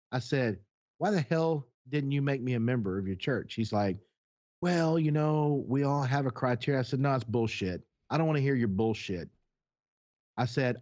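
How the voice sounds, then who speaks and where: A man's voice: medium pitch, a little mellow, highs cut off. A man co-hosting a podcast, telling a long personal story in casual chat, acting out the exchanges, blunt and profane. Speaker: podcast co-host.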